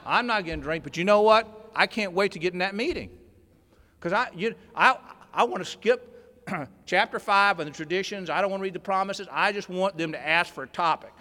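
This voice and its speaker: High, bright man in a big reverberant hall. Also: fairly quick. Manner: animated storyteller, rising to near shouting, dropping low and quiet. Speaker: workshop speaker at a recovery convention. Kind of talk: storytelling talk to an audience. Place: large convention hall.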